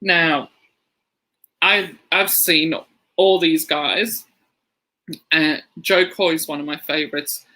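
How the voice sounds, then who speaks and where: A man tells stories in loose, casual podcast chat, wandering off on tangents and laughing along the way. His voice sits a little high and sounds very bright and sharp. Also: steady tone, slow, pauses often, rough recording. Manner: rambling storyteller, laughs through anecdotes. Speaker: podcast co-host.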